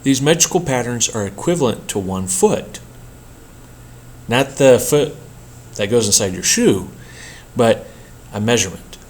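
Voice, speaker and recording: A man teaching a poetry workshop in a measured, explanatory lecture style, with an occasional slip. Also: mid-range voice, animated. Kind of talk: scripted lecture narration.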